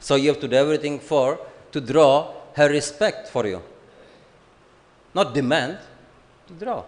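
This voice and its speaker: Slow-speaking man lecturing in an echoing hall. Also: a little high, lively intonation. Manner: unhurried, joking, acts out family dialogue. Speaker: swami giving a scripture class. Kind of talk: sermon. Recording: long hall reverb.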